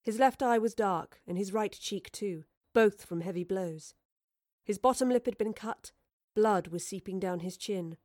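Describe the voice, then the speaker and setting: A woman narrating an audiobook in a measured storytelling manner. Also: medium pitch, a little mellow, no echo, clean studio sound. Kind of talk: scripted narration.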